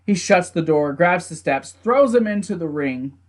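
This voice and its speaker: A young wrestling show reviewer gives a loose, casual recap of a match in a voice a little high for a man. He's animated and quick to laugh, occasionally breaking into fast acted-out lines from the wrestlers.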